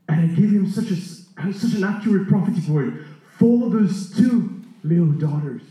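A man with a high voice preaching, his words ringing through a big echoey hall. He tells the story with animated energy, often restarting and repeating words. He sounds set back from the microphone. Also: normal speed, far from the mic. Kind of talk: sermon storytelling to a congregation.

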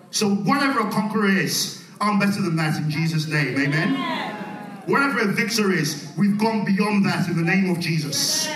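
A man preaching a sermon, calling out to the congregation and swinging between loud, rising passages and soft, quiet ones. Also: high-pitched, lively intonation, moderate pace. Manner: call-and-response preaching, swelling loud then dropping soft. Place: church. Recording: echoey church hall, mic at a distance.

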